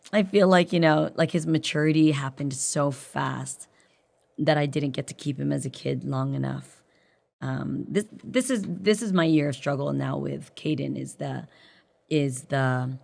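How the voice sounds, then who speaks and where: A woman in her forties with a very low voice, talking as a guest in a relaxed conversation. There is a gravelly fry running through her speech, and she keeps things candid and chatty. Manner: candid, chatty, laughs often. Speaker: podcast guest. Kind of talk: casual chat.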